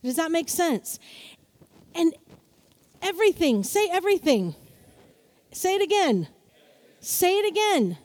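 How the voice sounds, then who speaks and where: High-voiced woman preaching animatedly. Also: measured pace, pauses often. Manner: animated, playful storytelling with acted-out voices. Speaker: pastor. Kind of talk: sermon.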